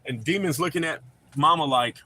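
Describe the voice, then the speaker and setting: A man's voice: a little high, a little fast, bright, forceful tone, a little hiss or hum. A man with a North Carolina accent hosting a casual livestream from home, rambling and joking with plenty of swearing. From not from North Carolina. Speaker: livestream host. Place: home with dogs.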